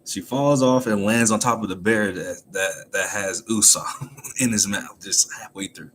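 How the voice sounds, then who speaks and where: A man with a low voice recaps a comic chapter in a loose, casual way. He is animated and laughs often as he tells the story. A faint hum of ambience sits behind him. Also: unhurried. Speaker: manga chapter reviewer.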